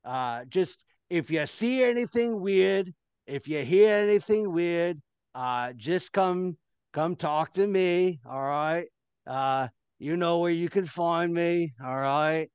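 A man voicing a gruff male town guard who barks "oi" and then turns apologetic and rambling. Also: on the high side, takes it slowly, a little mellow, no room sound, dull audio, pitched above the performer's own voice. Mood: flustered.

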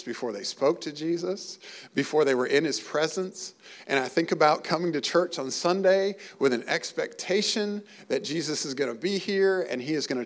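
Male pastor, gravelly, slightly high voice, earnest emotional sermon. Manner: earnest, emotional preaching with rising emphasis.

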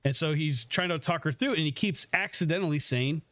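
A man's voice: a little high, brisk, fairly bright tone, no room sound. A man co-hosting a podcast, retelling a story in a rambling, casual way full of ums.

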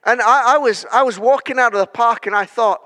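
Casting: high, bright-voiced preacher, slow storytelling rising to declarations, church hall reverb. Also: male voice. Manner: storytelling that builds to loud declarations. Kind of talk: sermon.

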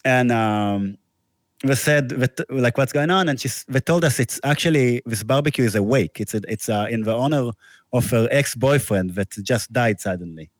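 A man's voice: medium pitch, moderate pace, no room sound, studio quality. A man, a musician guest, telling a long casual anecdote with restarts and laughter. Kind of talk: casual storytelling interview.

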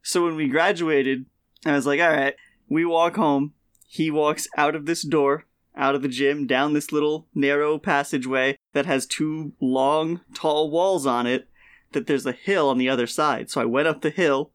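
A man's voice: on the high side, steady tone, moderate pace, clean tone. A young man co-hosting a podcast, telling school stories and laughing as he goes. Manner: laughs through his stories. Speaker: podcast co-host. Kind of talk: casual chat.

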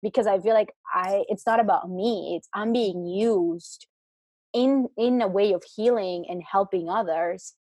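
Husky woman in rambling spiritual chat. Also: mid-range voice, a little slow, mellow, no room sound. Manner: rambling, many restarts and fillers. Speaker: spiritual guest. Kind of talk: casual chat.

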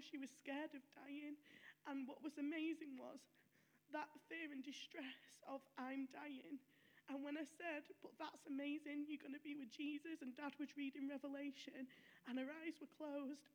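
A woman giving a chatty, heartfelt personal testimony in church, with many fillers. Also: high voice.

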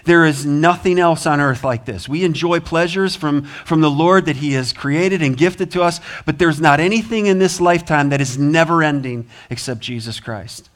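A man's voice: a little high, moderate pace, hardly any pauses. A man preaching a sermon as pastor, earnest, with rising emphasis, American accent. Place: church sanctuary.

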